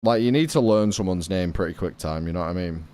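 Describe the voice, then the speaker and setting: A man's voice: sits low, fast, dark tone. A young British man streaming a game, chatting casually with his chat and swearing now and then.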